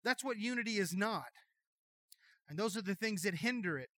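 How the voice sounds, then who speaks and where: A middle-aged man preaching a sermon as pastor, telling folksy jokey stories in an animated way. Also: sits high, moderate pace, dry recording.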